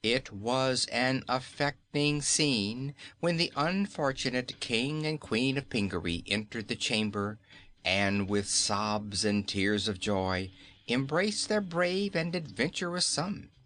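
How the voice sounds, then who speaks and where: A man narrating a children's storybook in measured audiobook style. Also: medium pitch, pushed and bright.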